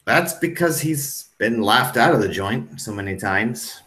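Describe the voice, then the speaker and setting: A man narrating as game master of a tabletop role-playing game, relaxed and joking. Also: mid-range voice, unhurried, echoey room.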